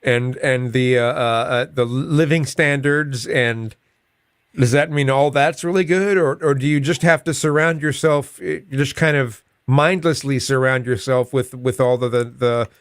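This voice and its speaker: A man talking casually on a livestream panel over a video call, halting and repeating words as he searches for them. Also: mid-range voice, clear, resonant tone, dry recording, studio quality. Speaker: panel guest.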